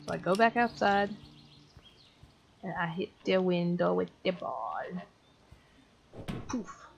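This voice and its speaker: A woman with a low, gravelly voice chats through her game playthrough, relaxed and a little self-deprecating. The recording is dull and lo-fi, with faint guitar music behind her. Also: slow pace, pauses often. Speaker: let's play gamer. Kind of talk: casual game commentary. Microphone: headphones on while playing.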